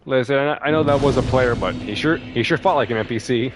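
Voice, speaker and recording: A man's voice: mid-range voice, quick pace, over music. A man giving casual commentary as he plays a video game, chatty and thinking aloud as he reacts to the game. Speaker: let's play host.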